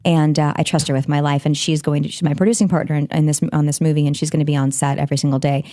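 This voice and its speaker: A woman's voice: low voice, little pitch movement, racing, mellow, no room sound, clean studio sound. A woman guest on a podcast interview with a sing-songy, Valley-girl sound, chatting loosely with many restarts. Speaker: guest, actor-director.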